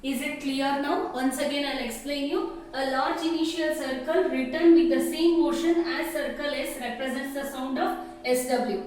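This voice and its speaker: A woman teaching shorthand step by step, slowly and methodically naming each stroke. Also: sits high, steady tone, darkish tone, far from the mic. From India. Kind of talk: step-by-step classroom explanation. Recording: echoey room, off-mic, faint noise.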